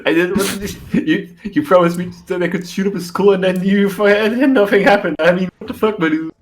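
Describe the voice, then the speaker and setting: A man co-hosting a podcast in casual chat, dry and teasing, often trailing off quietly. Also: sits high, a little fast, a little hiss or hum. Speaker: podcast co-host.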